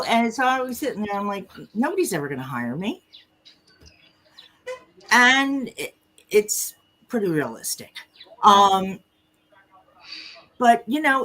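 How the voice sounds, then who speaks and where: A woman chats as a podcast guest. She talks in an unhurried, blunt and frank way, full of plain-spoken asides. A faint noise floor sits under her voice. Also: mid-range voice. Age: 60s. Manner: blunt, candid, lively storyteller. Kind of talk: casual podcast conversation.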